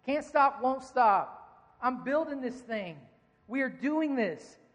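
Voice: high-pitched, animated, slow, in a large hall, muffled recording. A preacher acting out a determined ancient man building a wall, speaking emphatically and defiantly. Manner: emphatic, defiant, rising to near shouting.

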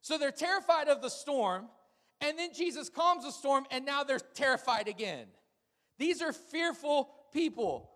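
A man, a pastor, preaching a sermon with humorous, animated storytelling. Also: very high voice, long reverb tail.

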